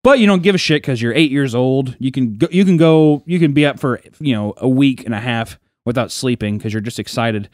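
With few pauses and a slightly fast delivery, a young podcast co-host with a mid-range voice tells a story from his childhood. The chat is casual, animated and profane, and he acts out the people he quotes. The sound is studio quality with no echo.

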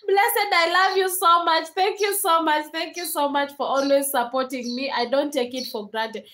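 High-voiced Kenyan woman on a live stream. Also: steady tone, moderate pace, few pauses, a bit bright, poor audio. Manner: chatty, laughs often, switches into Swahili. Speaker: livestreamer. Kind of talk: casual live-stream chat.

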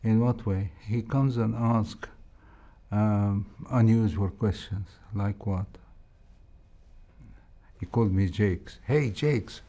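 An older man, a heart surgeon with an Egyptian accent, recalling his training in a reflective interview, speaking in a measured way with frequent hesitations. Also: lowish voice, fairly even intonation, mellow. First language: Arabic.

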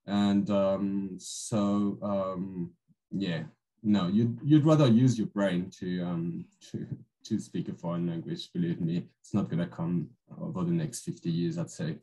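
A man talks on a webinar panel over a video call. His voice sits very low and dark, and he stops often for fillers. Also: fairly even intonation, a little slow, low-quality recording. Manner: hesitant, many fillers.

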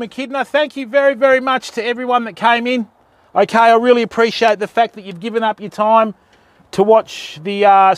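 A man's voice: high voice, dry recording. An Australian man live-streaming outdoors at night in the rain, chatting casually with his viewers and calling them fam.

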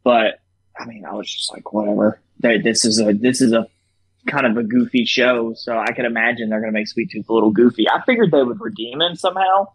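Heard on a low-quality recording, this young co-host has a brisk, slightly rough mid-range voice. He runs through a TV episode on a casual podcast, profane and animated, performing lines with laughter.

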